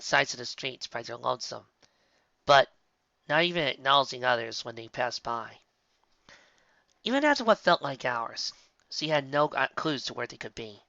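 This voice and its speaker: Expressive fan fiction reader, dry lo-fi. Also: medium pitch, dry recording. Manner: expressive, occasional slips. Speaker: audiobook reader. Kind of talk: reading fan fiction aloud.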